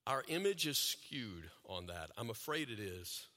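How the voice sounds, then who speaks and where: A man preaching a sermon, talking to the audience with questions and repeated phrases, and growing louder and higher when he gets animated. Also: moderate pace, few pauses, big-room sound. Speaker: pastor.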